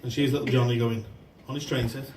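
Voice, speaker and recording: A man tells long, rambling jokes with plenty of swearing. He often loses his place in the story. His voice comes from a distance in an echoey room, with loud background noise. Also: medium pitch, flat delivery, quick pace. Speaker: amateur stand-up comedian. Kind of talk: stand-up joke telling. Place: function room before a laughing crowd. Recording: echoey room recorded from afar, noisy.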